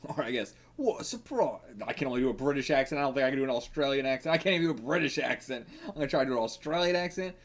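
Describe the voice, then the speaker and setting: A man's voice: medium pitch, very fast, few pauses. A man hosting a manga reaction video, talking casually to himself, swearing and laughing often.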